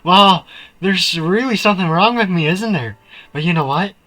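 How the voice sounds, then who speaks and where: A man's voice: high-pitched, normal speed, pushed and bright, voice pushed up, low-quality recording. A man reading as an obsessive young woman in love. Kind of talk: reading game dialogue aloud on stream.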